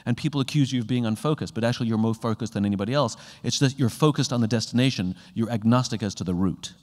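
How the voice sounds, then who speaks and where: A man giving a motivational keynote talk to a live audience. He is animated and acts out little conversations, jumping up in pitch as he does. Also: fast. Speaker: keynote speaker. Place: conference hall with a live audience. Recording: long hall reverb.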